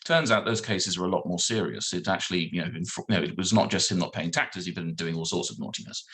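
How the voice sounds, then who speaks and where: A man, a solicitor, telling a lively anecdote on a video call and acting out the other people in it. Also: sits low, quick pace. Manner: animated storyteller acting out dialogue. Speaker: guest solicitor.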